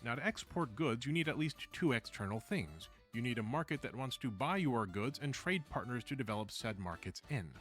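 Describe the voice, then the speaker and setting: A man narrates a video essay from a script, his pitch rising and falling in an animated way as he moves through the points. His delivery is measured, and he drops in wry asides along the way. Soft music runs faintly underneath.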